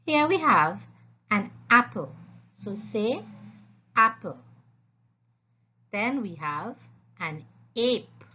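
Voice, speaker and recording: A woman teaching a phonics lesson, speaking slowly and clearly and repeating the sounds for young learners. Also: mid-range voice, big pitch swings, pushed and bright. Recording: dull lo-fi voice-over.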